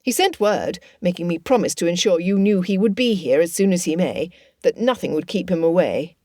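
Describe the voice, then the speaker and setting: A woman voicing a cheerful, earnest young gentleman. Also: on the low side, lively intonation, a little fast, dry recording, studio quality, close to an everyday voice.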